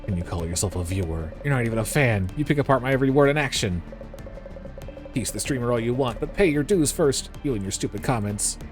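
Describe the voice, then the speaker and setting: A cocky young streamer mouths off brashly and mockingly, as a man voices him. His pitch is lowish. Soft game music plays behind. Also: lively intonation, fast, few pauses, close to an everyday voice.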